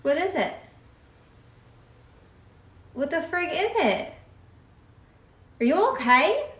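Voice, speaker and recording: Woman at home, kinda high, bouncy, keeps asking what's up, echoey room. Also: very animated, takes it slowly, a bit bright. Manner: puzzled, teasing questions. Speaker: wife being pranked. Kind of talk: casual home video chat.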